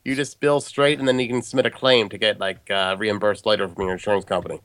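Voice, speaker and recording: A man's voice: fairly low pitch, steady tone, quick pace, fairly bright tone. A man co-hosting a podcast, sick and congested with a nasal voice, telling a story in casual chat with frequent laughs. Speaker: podcast co-host.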